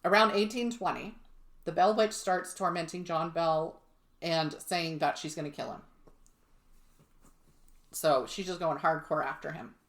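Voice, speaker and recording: Podcast co-host, woman with a low voice, sarcastic and profane, recorded in an echoey room. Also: fairly even intonation, measured pace, pauses often, fairly bright tone. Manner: sarcastic, swears freely, laughs often. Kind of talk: casual storytelling chat. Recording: roomy echo.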